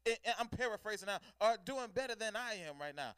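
Male preacher, fervent call-and-response sermon, high and bright voice. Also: lively intonation, quick pace, hardly any pauses, smooth, no echo, clean studio sound.

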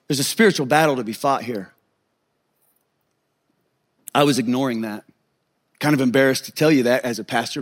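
A man preaching a sermon as a pastor, telling a personal story in an animated, humorous way. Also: mid-range voice.

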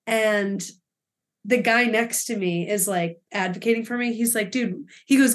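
A young woman co-hosting a podcast, telling a story in casual chat with an animated, laughing, swearing delivery. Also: mid-range voice, a little slow. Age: young adult. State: emotional. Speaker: podcast co-host.

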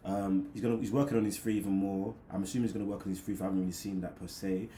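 A man talks quickly and loosely, stacking thoughts with "um" as he goes. His voice sits in the middle range. The room around him sounds echoey, with a faint hiss of noise. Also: sits low, steady tone, mellow. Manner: quick, rambling, thinks aloud with fillers. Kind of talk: casual sports chat.

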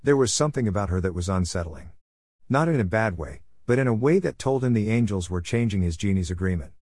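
A man reads a story chapter aloud in an even, measured way. His voice is low, and the sound is dry and close with no room echo. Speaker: narrator. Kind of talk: audiobook-style story narration.

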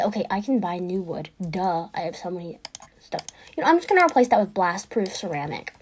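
A woman giving casual gameplay commentary, chatty and excitable, who often drops into a whisper. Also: fairly low pitch, brisk, slightly rough. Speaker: gaming podcaster.

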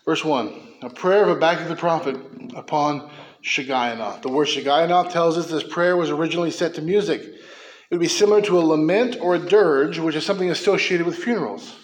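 Impassioned male pastor in an echoey church. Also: fairly high pitch. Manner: impassioned, swinging from quick asides to slow emphatic declarations. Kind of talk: sermon.

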